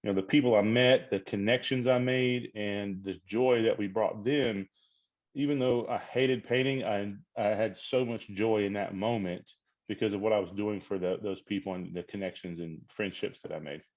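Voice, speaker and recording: A man's voice: on the low side, fairly even intonation, normal speed, highs cut off. A man on a mission team reflecting earnestly on his experience, using frequent "you know" fillers. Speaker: mission trip team member. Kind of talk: heartfelt storytelling in an interview.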